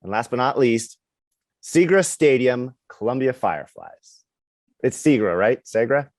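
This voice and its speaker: A man co-hosts a podcast with a lively, bouncing delivery that swings widely in pitch. His voice is dry and close to the mic, and he sounds playful and upbeat as he reads out nominees. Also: unhurried, dry recording. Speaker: podcast co-host. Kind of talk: casual chat.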